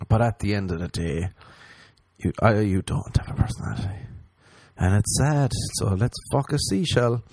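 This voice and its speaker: A man's voice: on the low side, animated, moderate pace, a little mellow, no echo. A man hosting a podcast, rambling through a crude, sarcastic comedy monologue and slipping into mocking voices. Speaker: podcast host.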